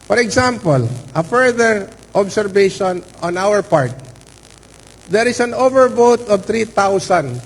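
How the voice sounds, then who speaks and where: A man giving a formal statement as a party representative at an election canvass hearing, deliberate and stressing key words. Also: sits high, expressive, in a large hall, rough recording.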